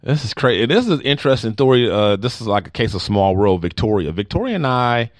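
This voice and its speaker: A man's voice: mid-range voice, animated, dry recording, studio quality. A man co-hosting a comedy talk podcast, reading listener answers aloud and joking about them. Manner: joking, reads out listener answers with quick reactions. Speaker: podcast co-host. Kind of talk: casual comedic chat.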